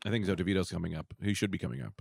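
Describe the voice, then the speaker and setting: A man's voice: low voice, fairly even intonation, very fast, creaky, a little mellow, husky, no room sound, clean studio sound. A man hosting a casual comedy podcast, joking crudely and rambling. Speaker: podcast host.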